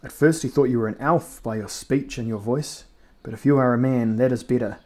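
A man voicing a proud, bitter old male dwarf, grudging and gravelly in his speech in a storybook reading. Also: medium pitch, fairly quick, mellow, lightly acted. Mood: pleading.

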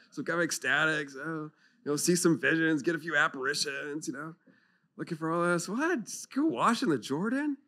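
A man speaks to a retreat audience about scripture, bright and forceful in tone and sitting a little above the usual male pitch. He keeps it animated and funny, slipping into playful voices for the figures he describes. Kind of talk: lively retreat talk on scripture. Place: conference hall.

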